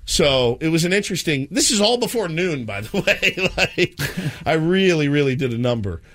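Animated man telling a funny story. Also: a little high, moderate pace. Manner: animated, acts out voices in his stories. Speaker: radio show co-host. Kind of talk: casual morning show storytelling.

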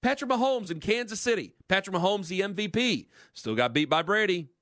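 A man's voice: high voice, expressive, brisk, fairly bright tone, dry recording. A man hosting a sports talk radio show, ranting in an emphatic, fired-up monologue into a studio microphone.

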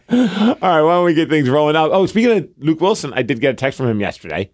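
A man's voice: fairly high pitch, brisk, no echo, clean studio sound. Chatty man rambling through stories. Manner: rambling, animated storytelling with many fillers. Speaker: podcast co-host. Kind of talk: casual chat.

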